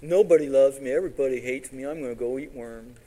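A preacher imitating a whiny, sulking child who is sure nobody loves them, in a singsong whine. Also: male voice, medium pitch, quick pace, warm tone, close to an everyday voice, low-quality recording. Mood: whining. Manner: whining, singsong.

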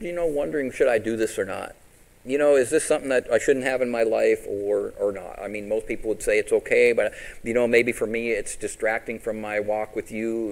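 A man's voice: medium pitch, rough recording. A man preaching a sermon as pastor, quoting scripture and asking his congregation questions, with big rises and drops for emphasis.

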